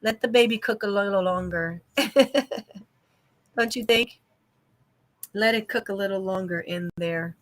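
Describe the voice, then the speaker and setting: A woman hosting a casual livestream chat from home, telling a story in an animated way, exclaiming and laughing as she goes. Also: mid-range voice, takes it slowly, pauses often. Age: adult mother of a young child. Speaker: livestream host.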